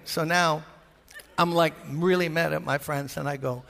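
An older Brooklyn man with a New York accent speaks in a slightly high, creaky voice at a moderate pace. He is a pastor telling a story during a sermon in a large church, an animated storyteller who acts out the voices of its characters. The recording carries the reverberation of the church hall.

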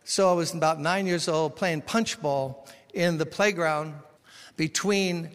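A man from Brooklyn, preaching a sermon as pastor, swinging between loud exhortation and quiet storytelling. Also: fairly high pitch, measured pace, clean tone. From Brooklyn, New York. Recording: long reverb of a large hall.

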